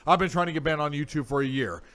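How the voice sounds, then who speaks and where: A man's voice: a little high, quick pace, fairly bright tone. A young man hosting a comedy show with boastful, announcer-style patter. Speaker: host. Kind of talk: mock-showman comedy hosting.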